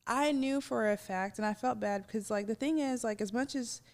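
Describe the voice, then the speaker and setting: A woman co-hosting a podcast, telling stories in a blunt, animated way and laughing often. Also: a little high, fairly quick. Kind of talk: casual chat.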